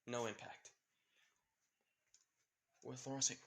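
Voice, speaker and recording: A man's voice: mid-range voice, steady tone, moderate pace, fairly bright tone. A man telling an improvised fan-fiction story, rambling with fillers and restarts.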